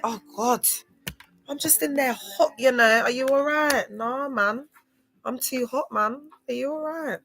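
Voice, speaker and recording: A woman's voice: a little high, fairly quick, sharp tone. A woman talking to livestream viewers in a loose, slangy, digressive way, drifting between topics. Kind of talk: rambling livestream talk to viewers.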